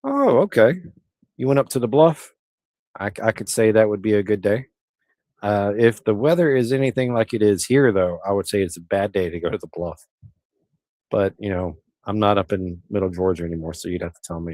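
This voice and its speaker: A man's voice: lowish voice, normal speed, a little mellow, no echo. A middle-aged man, hosting a casual livestream and rambling easily through viewers' comments. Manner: rambling, easygoing, with frequent restarts. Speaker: livestream host.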